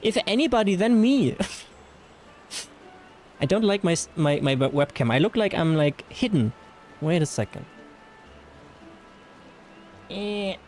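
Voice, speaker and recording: A man's voice: on the high side, animated, slow, pauses often, darkish tone. A man with a German accent chatting casually through a game livestream, rambling with fillers and reading chat messages aloud. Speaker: streamer.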